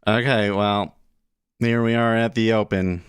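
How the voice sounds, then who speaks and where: A laid-back man hosts a trading livestream, thinking aloud and chuckling between comments. He talks slowly in a lowish voice. The sound is dry and close to the mic. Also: fairly even intonation, clear, resonant tone, dry recording. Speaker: day trading livestream host. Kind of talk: casual live trading commentary.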